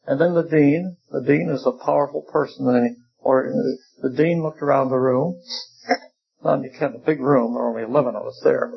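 Older preacher with a gravelly voice. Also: male voice, medium pitch, steady tone, moderate pace. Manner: folksy, wry, with humorous asides. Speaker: preacher and seminary teacher. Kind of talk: sermon. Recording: dull lo-fi recording.

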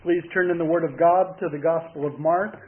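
A male pastor preaching a sermon, reading scripture aloud in a measured, deliberate way. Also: fairly high pitch, steady tone. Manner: measured, deliberate reading in King James wording. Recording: tinny phone-like broadcast audio.

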